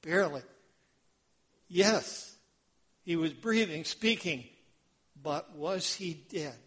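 Slow, dramatic preaching man. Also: on the high side, expressive, breathy edge. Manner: slow, dramatic preaching with wide swings from hushed to loud. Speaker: pastor. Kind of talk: sermon.

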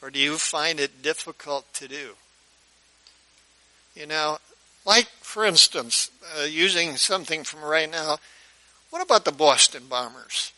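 A man's voice: on the high side, animated, unhurried, long pauses, sharp tone, low-quality recording. A male pastor preaching a sermon in a conversational storytelling way, often putting questions to his listeners.

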